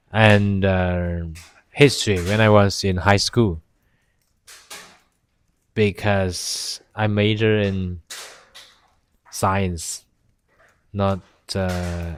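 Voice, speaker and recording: A man from China, whose first language is Chinese, talking casually to the camera by a campfire outdoors in halting English, often pausing to search for words. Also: fairly low pitch, a little hiss or hum. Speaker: vlogger.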